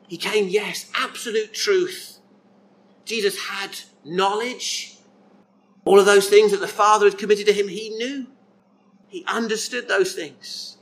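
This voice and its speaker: A man preaching a sermon in a slow, reflective way, repeating phrases and asking rhetorical questions. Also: high voice, a bit bright, slight background noise, poor audio.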